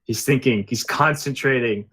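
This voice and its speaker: A man's voice: medium pitch, normal speed, sharp tone, husky. A man playing a tabletop game, chatting casually with laughing asides. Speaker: player. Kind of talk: tabletop role-play.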